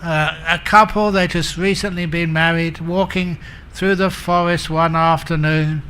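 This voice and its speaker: A male monk giving a dharma talk at an unhurried, deliberate pace, his voice bright and clear. He tells stories with gentle humour and chuckles at his own jokes. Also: fairly high pitch, steady tone. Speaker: Buddhist monk teacher.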